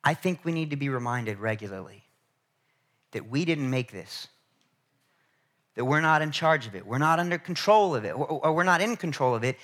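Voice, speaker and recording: A male pastor delivers a lively, conversational sermon in a fairly high voice. He restarts his phrases now and then and keeps turning to the congregation for a response. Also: normal speed, pauses often. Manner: animated, conversational, with frequent repetitions and restarts.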